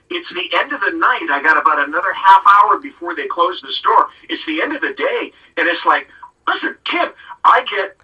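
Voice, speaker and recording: A man's voice: high-pitched, bright, forceful tone, slightly rough, distant mic, dull audio. A middle-aged man hosting a casual talk show, rambling through stories and acting out what people said. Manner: rambling storyteller who acts out quotes. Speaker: show host.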